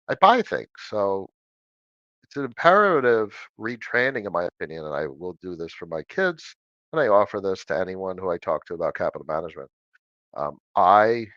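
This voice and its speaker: The audio is lo-fi with no room sound as a low-pitched middle-aged man hosts a casual livestream Q&A at his home desk. Animated and chatty, he reads viewers' questions aloud and then responds.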